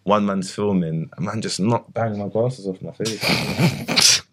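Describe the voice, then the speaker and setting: A man's voice: on the low side, slow, a bit bright. A young man, chatting casually on a podcast and rambling with many fillers. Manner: rambling, full of fillers and questions. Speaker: podcast co-host. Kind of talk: casual chat.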